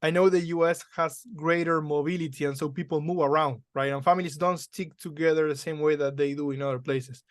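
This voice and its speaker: A man hosting a relaxed interview, talking conversationally and checking in with tag questions. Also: fairly high pitch, a little fast, few pauses, no room sound, clean studio sound. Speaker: podcast host. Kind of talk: casual interview.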